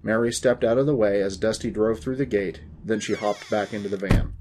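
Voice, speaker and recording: A man's voice: on the low side, fairly quick, background noise. A man in his forties hosting a story podcast, reading the narration in a dry, wry manner.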